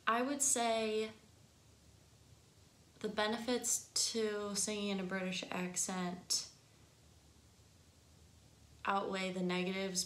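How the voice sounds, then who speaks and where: A woman voice teacher giving a casual singing lesson, chatty and explaining with quick examples. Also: mid-range voice, echoey room.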